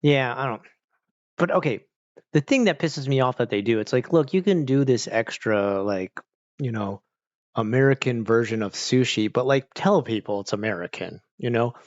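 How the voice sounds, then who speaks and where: A man's voice: medium pitch, normal speed, no echo, highs cut off. A man chatting casually on a home livestream, rambling and swearing a lot, with many "like"s and restarts. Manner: rambling, profane, full of "like" and restarts. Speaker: streamer chatting with viewers. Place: at home on a couch with a pet nearby.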